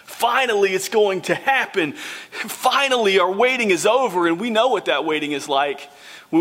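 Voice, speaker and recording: A man's voice: high voice, fairly bright tone. A man preaching a sermon, reading scripture and speaking earnestly with repeated phrases for emphasis. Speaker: pastor.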